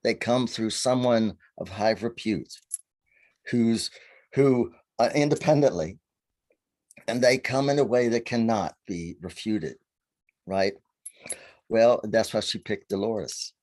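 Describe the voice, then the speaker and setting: Man, low voice, animated storyteller, acts out quotes, video call. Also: slow, long pauses. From Virginia, USA. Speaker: guest, faery seer. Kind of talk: storytelling in a conversation.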